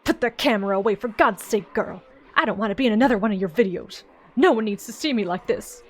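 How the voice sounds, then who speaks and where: A woman voicing a gruff, protective older male farmer with a Southern accent. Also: mid-range voice, moderate pace.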